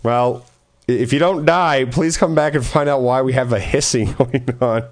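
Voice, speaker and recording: A man's voice: mid-range voice, moderate pace. Rambling, swearing man telling stories. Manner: rambling storyteller, swears a lot, laughs often. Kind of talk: casual chat.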